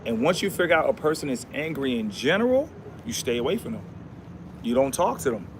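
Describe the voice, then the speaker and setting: A man's voice: medium pitch, very animated, brisk, slight background noise. A man hosting a casual livestream, talking in a preachy, repetitive way with slangy speech and Bible verses. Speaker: livestream host.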